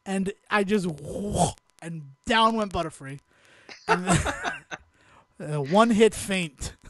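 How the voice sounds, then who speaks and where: A man's voice: high voice, takes it slowly, fairly bright tone, no echo. A man co-hosting a podcast, telling a story in casual chat, laughing as he goes and swearing freely. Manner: laughs through his stories, swears freely. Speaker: podcast co-host.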